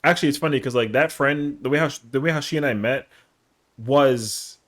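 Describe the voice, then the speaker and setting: A man's voice: mid-range voice, brisk, fairly bright tone. A man in his thirties casually telling a rambling, slangy story on a live stream, acting out the quotes. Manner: slangy, rambling, lots of fillers, acts out the quotes.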